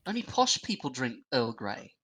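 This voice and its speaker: A man's voice: medium pitch, very animated, normal speed, a crowd in the background, rough recording. A man from England, a stream co-host, teasing and sarcastic in casual banter.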